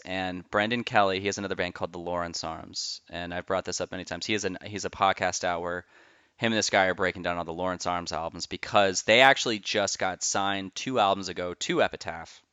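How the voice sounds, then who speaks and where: A man's voice: low-pitched, steady tone, a little fast, pushed and bright, clear, resonant tone, no echo, muffled recording. A man hosting a podcast, telling a long rambling story in casual chat and swearing freely. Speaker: podcast host.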